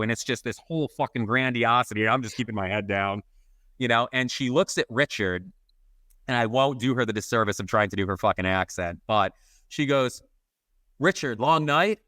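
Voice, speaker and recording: A man's voice: mid-range voice, steady tone, fairly quick, fairly bright tone, dry recording. A man co-hosting a podcast, telling a self-mocking story in casual chat and swearing constantly. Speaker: podcast co-host.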